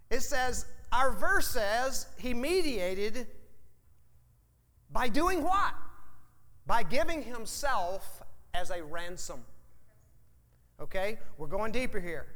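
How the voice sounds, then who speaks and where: Guy preaching a sermon, bright sharp voice, jokey and emphatic, big echoey church. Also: very high-pitched. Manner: folksy, joking, emphatic preaching. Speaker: pastor. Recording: reverberant hall.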